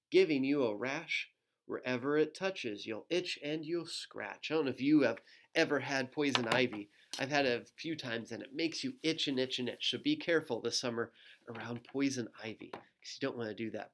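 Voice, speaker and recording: A man, a pastor, reads a rhyming picture book aloud to children at home, adding gentle, playful asides and making animal sounds. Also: mid-range voice.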